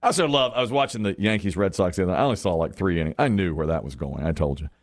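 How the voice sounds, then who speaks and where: A man hosting a casual sports chat show, telling stories with lively acted-out quotes and frequent laughter. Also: low-pitched, racing, dry recording, clean studio sound. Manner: animated storyteller, acts out quotes, laughs often. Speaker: sports talk host.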